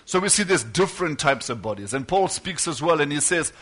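High, bright-voiced male preacher. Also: expressive, a little fast. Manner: fervent preaching, retelling stories with acted quotes. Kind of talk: sermon.

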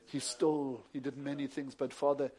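A male preacher, moving between hushed retelling of a story and loud, emphatic preaching. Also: medium pitch, flat delivery, normal speed. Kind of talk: sermon with storytelling.

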